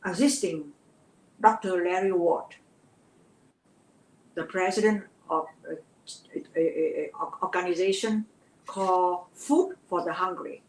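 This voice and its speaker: An older woman from Vietnam with a Vietnamese accent, a guest telling her life story in an interview, earnest and halting, often repeating words. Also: on the low side, slight background noise. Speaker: guest, actress. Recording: roomy echo.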